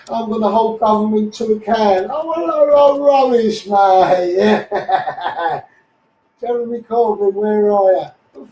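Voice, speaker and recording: A man's voice: high voice, dark tone, roomy sound, distant mic, a little hiss or hum, low-quality recording. A man with a Scouse accent ranting bluntly on a live stream, often asking "you know what I mean". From Liverpool, England.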